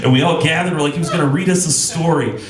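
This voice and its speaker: A man doing deadpan stand-up comedy, telling a long story. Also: fairly high pitch, quick pace, crowd noise. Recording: roomy club, loud audience laughter.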